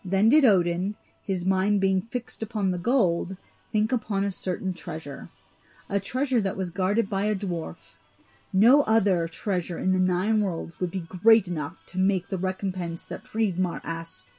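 A woman narrating an old myth in an even, measured storybook reading. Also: mid-range voice, breathy edge, faint music behind.

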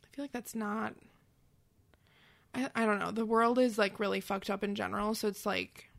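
A woman's voice: medium pitch, level tone, normal speed, creaky. A woman with a mid-range voice co-hosts a casual podcast. She rambles and uses lots of fillers. She swears now and then. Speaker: podcast co-host. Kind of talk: casual chat.

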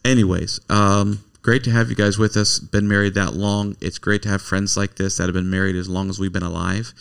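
Male host, deep gravelly voice, playful teasing banter. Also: flat delivery, brisk. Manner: joking, teasing, rambling. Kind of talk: casual chat.

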